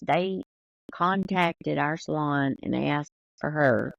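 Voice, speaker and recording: Southern woman co-host, gravelly drawl, dry muffled mic, casual storyteller. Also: low voice, slow pace, no room sound. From American South. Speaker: podcast co-host, hairstylist. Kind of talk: casual chat.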